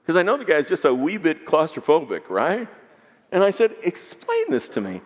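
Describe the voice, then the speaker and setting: A man preaching a sermon as pastor, dropping to hushed lows and climbing to emphatic peaks, asking the congregation to repeat lines back. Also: huge pitch swings, brisk. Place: large church sanctuary. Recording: long hall reverb.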